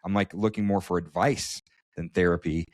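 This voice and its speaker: Male podcast co-host, low voice, dry close sound, halting storyteller. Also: steady tone, dry recording. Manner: storytelling, many restarts and stammers. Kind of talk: casual chat.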